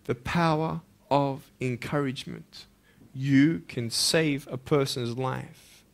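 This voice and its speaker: A man giving a motivational speech to a school audience, impassioned, firing rhetorical questions and swinging between loud urging and hushed intensity. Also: mid-range voice, slow pace, gravelly, a little hiss or hum. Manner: direct rhetorical questions to listeners. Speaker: motivational speaker.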